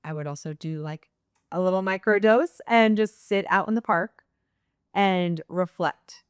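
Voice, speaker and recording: A woman's voice: fairly low pitch, a little slow, clear, resonant tone, dry recording, studio quality. A young adult woman, a guest in a casual interview, talking openly and reflectively with many fillers. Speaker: guest, nurse practitioner.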